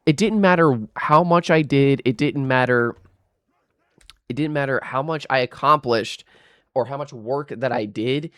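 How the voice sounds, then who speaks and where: A man's voice: mid-range voice, unhurried, a bit bright, smooth, no room sound, studio quality. A young man telling a rambling, aggrieved storytime rant while gaming, swearing and restarting his sentences often. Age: young adult. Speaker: gaming vlogger.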